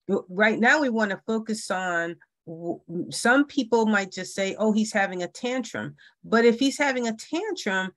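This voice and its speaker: A woman's voice: mid-range voice, fairly bright tone, dry recording. A woman leading an online parent workshop, talking with many fillers and restarts. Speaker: workshop facilitator.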